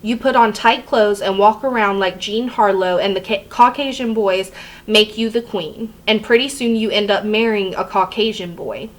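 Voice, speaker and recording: A woman's voice: medium pitch, moderate pace, close to an everyday voice. A strict, scolding father who lectures his teenage daughter about how she dresses and walks, voiced plainly by a woman reading a novel aloud. His words are firm but stay close to an everyday reading voice. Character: stern angry immigrant father, lecturing.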